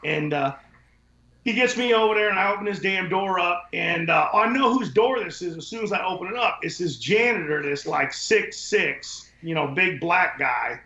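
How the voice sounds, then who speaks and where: A man's voice: high-pitched, lively intonation, moderate pace, sharp tone. A man telling casual stories as a podcast guest, blunt and profane, rambling from one point to the next. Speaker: podcast guest, window cleaning business owner. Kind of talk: casual storytelling. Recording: echoey, dull lo-fi sound.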